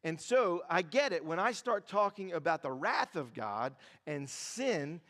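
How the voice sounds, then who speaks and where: A male pastor preaching a sermon in a church, lively and joking, repeating phrases for emphasis. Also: a little high, a little slow. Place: large church auditorium. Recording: reverberant church hall.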